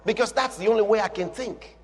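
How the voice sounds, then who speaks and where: A man's voice: high voice, fast talker. A man preaching a sermon with emphatic, repetitive declarations. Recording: long hall reverb with music.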